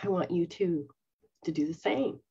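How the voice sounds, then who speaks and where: A woman's voice: lowish voice, normal speed, gravelly, dark tone, slightly rough. A woman who is a psychic medium and spiritual teacher, talking earnestly to her followers and acting out quoted voices. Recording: dull lo-fi sound.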